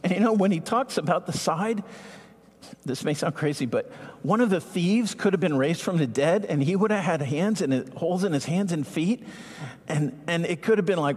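An earnest male pastor preaching a sermon with a somewhat husky, higher-pitched voice. He leans into his points and stretches out the words that matter most. The sound rings with a long reverb, as if from a big church sanctuary. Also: expressive. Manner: earnest, emphatic, slows to stress key words.

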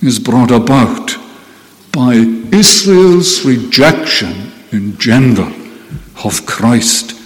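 A man preaching a sermon in a slow, deliberate way, with emphatic repetition. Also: mid-range voice, expressive, big-room sound, poor audio.

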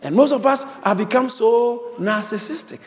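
Male pastor, high voice, emphatic sermon delivery with repeated phrases, reverberant church sound. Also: lively intonation, normal speed. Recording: reverberant hall.

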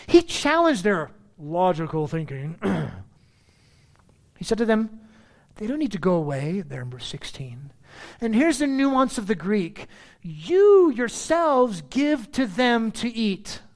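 A man's voice: high voice, very animated, measured pace, long pauses, a little mellow. A man preaching a sermon as pastor, reading scripture verses and explaining them with emphatic, repeated phrases.

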